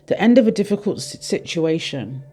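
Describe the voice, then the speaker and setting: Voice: mid-range voice, very animated, moderate pace, mellow, breathy edge. A tarot reader in their thirties giving a casual reading, rambling and heartfelt as they speak straight to the viewers. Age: 30s.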